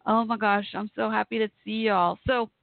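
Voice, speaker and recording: A woman's voice: mid-range voice, little pitch movement, normal speed, creaky, no room sound, narrow, tinny audio. Lady hosting an online radio show, gushy and rambly, dry thin phone-ish sound. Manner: gushing, emotional, rambling. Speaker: internet radio show host. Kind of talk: casual live chat show.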